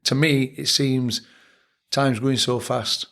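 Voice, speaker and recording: Gravelly Sheffield man telling stories. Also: mid-range voice, fairly even intonation, takes it slowly, fairly bright tone. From England. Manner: reflective storytelling, blunt. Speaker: boxing trainer and guest. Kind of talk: casual podcast interview.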